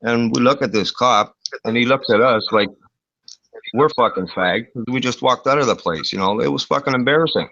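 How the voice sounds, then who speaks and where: Forceful, profane man telling a story. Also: mid-range voice, brisk, no echo. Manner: profane, lots of fillers, animated retelling. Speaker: storyteller in a casual chat. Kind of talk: casual chat, swearing anecdote. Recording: dull lo-fi dry recording.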